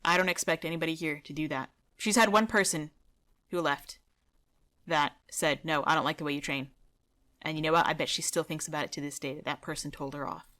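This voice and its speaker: A woman dog trainer talks through a training video in a loose, conversational way, blunt and indignant in her opinions. Her voice sits a little low but has a bright, forward edge to it. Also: fairly even intonation, a little fast. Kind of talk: casual video commentary and storytelling.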